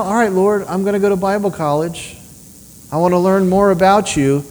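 A man preaching a sermon with personal testimony, telling stories in an animated way and asking rhetorical questions. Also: high-pitched. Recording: long reverb of a large hall.

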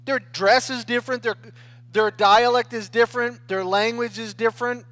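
A man with a high voice delivers a sermon in an easy, conversational way. He talks the way people do in everyday speech, restarting phrases and often pausing to check in with his listeners. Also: fairly even intonation, fairly bright tone, dry recording. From United States. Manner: conversational preaching with frequent "right?" and restarts. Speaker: pastor.

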